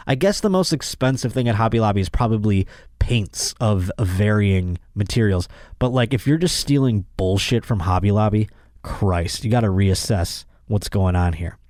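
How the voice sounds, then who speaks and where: A man's voice: on the low side, normal speed, a little mellow, no room sound, clean studio sound. Sarcastic man riffing on the news. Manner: sarcastic, riffing on news stories with exasperated asides. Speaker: podcast host. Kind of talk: comedic news commentary.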